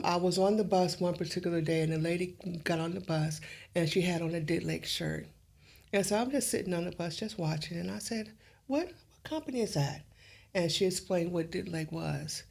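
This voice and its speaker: A middle-aged woman, an interview guest, telling her story in an animated way and acting out the dialogue. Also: fairly low pitch, gravelly.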